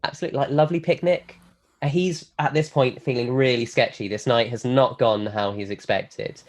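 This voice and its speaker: A man pitching a film plot on a comedy podcast, telling it as an animated story and acting out the lines. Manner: animated storyteller, quick, acts out quotes. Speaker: guest pitching a film idea.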